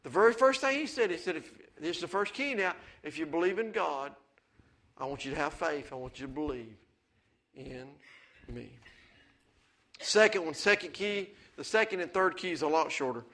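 A man preaching a sermon, mixing folksy family stories with rising, excited calls of amen. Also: a little high, normal speed. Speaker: pastor.

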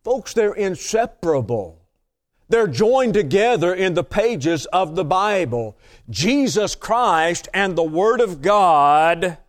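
A male preacher delivers a teaching sermon, hammering his points home by repeating them. He speaks slowly and stretches his stressed words. His voice sits a little higher than most men's. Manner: emphatic, repeats key phrases, drawn-out stresses.

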